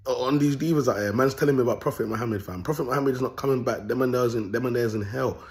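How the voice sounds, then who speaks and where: This self-styled prophet vlogger, a young man with a medium-pitched voice, talks quickly through a casual, animated story. Streetwise slang fills his monologue, and he keeps checking in with a frequent "you get me."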